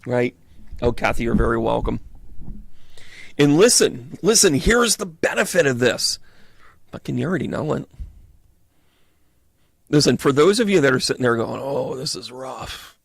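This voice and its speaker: A man hosting a live-stream tarot reading, chatting with viewers in an animated, profane way and acting out quick voices. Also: medium pitch, creaky, dry recording, clean studio sound. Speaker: medium doing tarot readings.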